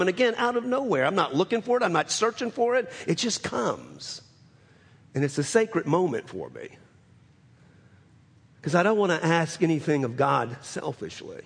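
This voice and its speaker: A middle-aged man preaching a sermon as pastor, earnest and halting, often restarting and slowing down to stress his words. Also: fairly high pitch, fairly bright tone, breathy edge, long reverb tail. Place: church sanctuary.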